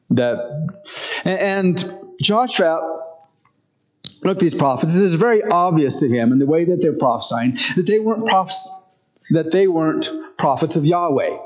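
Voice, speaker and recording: Man, preacher, slightly high voice, casual storytelling sermon, stumbling restarts. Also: rough recording. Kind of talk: conversational sermon.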